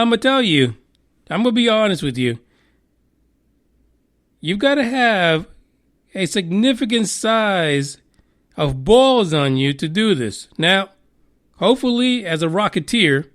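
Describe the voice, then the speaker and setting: A man's voice: high voice, fairly bright tone. A man hosting a podcast news show, giving crude, mocking commentary, swearing freely and laughing as he reads a story. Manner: profane, mocking, laughs while reading.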